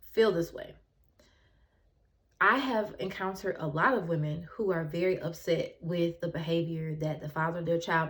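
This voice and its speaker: A woman vlogger talking to her channel, giving relationship advice in a casual, storytelling way with fillers. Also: mid-range voice. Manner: conversational, storytelling with filler words. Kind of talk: casual advice talk to camera.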